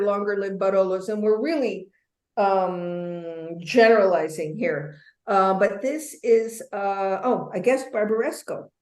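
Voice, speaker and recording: A woman leading a wine tasting webinar as instructor, talking in a chatty way with playful asides and plenty of ums. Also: medium pitch. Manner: chatty, warm asides, many fillers. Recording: roomy echo.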